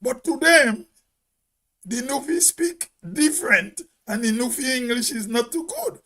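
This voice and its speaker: A Grenadian man with a very high voice holds forth in a casual monologue. He talks slowly and emphatically, repeating key words to drive each point home. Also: expressive, sharp tone. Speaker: host.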